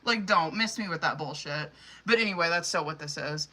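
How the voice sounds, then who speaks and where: A young woman with a bright, edgy voice reads tarot cards for viewers live on a stream. She talks bluntly and sassily, swearing freely as she explains each card. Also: fairly low pitch, a little fast. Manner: blunt, profane, sassy. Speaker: tarot reader.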